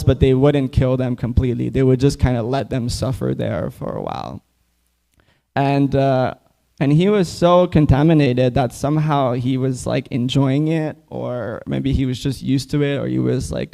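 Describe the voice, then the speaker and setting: A man's voice: medium pitch, gravelly, mellow. A man speaking at a temple, giving a casual class on scripture with many "like" fillers. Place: temple hall.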